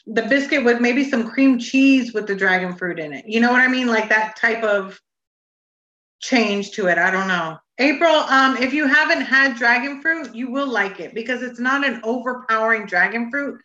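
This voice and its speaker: A woman's voice: on the high side, normal speed, sharp tone. A woman hosting a casual live stream chat, rambling with lots of fillers. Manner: chatty, rambling, many fillers. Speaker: host of a vape review channel. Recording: echoey room, slightly dull lo-fi sound.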